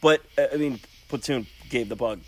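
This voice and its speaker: A man hosting a casual movie review podcast, animated, laughing often and repeating words. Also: mid-range voice, normal speed. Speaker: podcast host.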